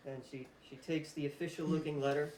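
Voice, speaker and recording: A man's voice: fairly high pitch, brisk. Man game master narrating a tabletop game. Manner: relaxed, laughs often. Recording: roomy echo, faint hiss.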